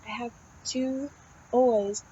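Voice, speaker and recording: A young woman with a fairly high voice rants about her day in a loose, rambling way. She peppers her talk with swearing and "like". The recording sounds a little dull and lo-fi. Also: fairly even intonation, slow, warm tone, slight background noise. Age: young adult. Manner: rambling, swears often, heavy use of "like" and fillers. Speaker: college student vlogger. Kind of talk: casual venting monologue.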